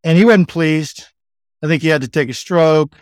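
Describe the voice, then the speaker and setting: A man's voice: a little high, normal speed, no echo, studio quality. A middle-aged man with a Texan accent, a podcast guest telling a story casually and chattily, full of "like" and "you know". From Texas. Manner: chatty, laid-back, frequent 'like' and 'you know' fillers. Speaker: guest, sales executive.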